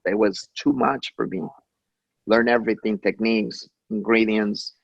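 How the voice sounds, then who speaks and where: A man who grew up in Mexico tells his story in an interview, his lower voice gravelly and breathy. He stops and restarts often and plays out the lines of the people in his stories. The sound is dry and somewhat dull. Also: flat delivery, no echo. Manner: anecdotal, acts out quoted dialogue, halting with many restarts. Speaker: chef, interview guest. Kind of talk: conversational interview.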